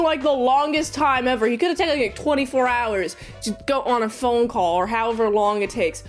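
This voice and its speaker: A woman's voice: a little high, unhurried, long pauses, soft background music. A woman reviewer casually recapping a movie, rambling with sarcastic asides.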